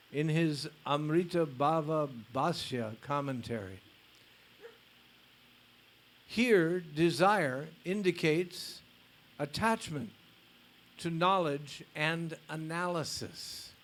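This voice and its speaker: A male spiritual teacher reads a story aloud during a lecture. He speaks slowly and deliberately in a voice pitched a bit high for a man. Now and then he drops in a blunt casual aside.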